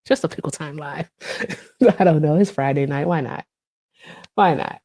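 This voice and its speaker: A woman's voice: low-pitched, moderate pace, mellow. A woman in her thirties chatting casually on a live stream, reading and answering viewer comments, with many fillers.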